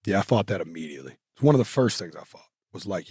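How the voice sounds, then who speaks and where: A man's voice: deep voice, animated, fast talker, mellow, breathy edge, no room sound, clean studio sound. A man, telling stories casually as an interview guest, with lots of fillers. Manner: drawling Southern talk with many fillers.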